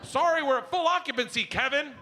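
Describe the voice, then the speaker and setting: A man putting on a high, shrill, scolding voice for his wife in a live stand-up bit. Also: racing, bright, forceful tone, in a large hall. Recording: live club with audience noise.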